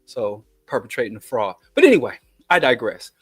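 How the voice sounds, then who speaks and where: A man's voice: mid-range voice, very animated, a little fast, slightly rough, no echo, studio quality, soft background music. A man with a Kansas City twang hosting a political commentary monologue, digressive with emphatic lists and chatty asides. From Kansas City, USA. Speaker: show host.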